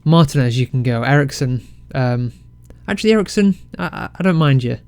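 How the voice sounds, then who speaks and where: A man casually commentating his football management game, excitable and self-mocking. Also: medium pitch, a little fast, clean tone, dry recording. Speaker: game let's-play creator.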